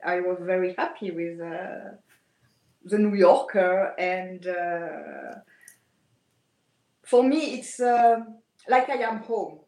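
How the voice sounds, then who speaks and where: Slow French-accented woman on a video call. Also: lowish voice, a little mellow. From France. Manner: halting, searching for English words. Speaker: guest aesthetician. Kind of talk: remote interview. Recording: echoey room over video call.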